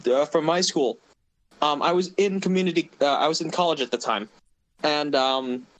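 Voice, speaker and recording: Rambling young man, a bit high-pitched. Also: moderate pace, a bit bright, rough recording. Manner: rambling, laughing storyteller with frequent restarts. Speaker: mod developer and podcast host. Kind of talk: casual podcast storytelling.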